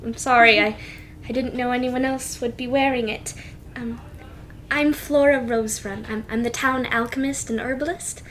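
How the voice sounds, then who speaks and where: Woman as a shy, flustered alchemist NPC, quick and quiet. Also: on the high side, fairly even intonation, a little hiss or hum, natural voice. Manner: shy, apologetic, rushed.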